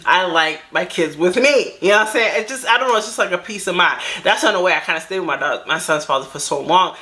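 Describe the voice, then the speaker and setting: Young woman telling a story on her channel, bright tone, casual and animated, laughs along. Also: lowish voice, fast. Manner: animated, swears freely, laughs through the story.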